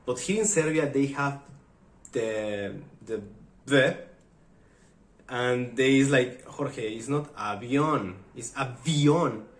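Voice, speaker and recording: This is a vlogger, a Spanish-speaking man from Mexico with a Mexican accent and a medium-pitched voice, chatting casually. He talks slowly with long pauses in an echoey room, animatedly acting out funny little quoted exchanges.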